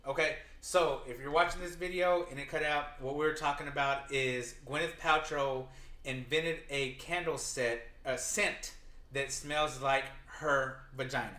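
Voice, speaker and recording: Loud slangy man, echoey room. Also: a little high, fairly even intonation, measured pace. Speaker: podcast co-host. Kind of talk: casual chat.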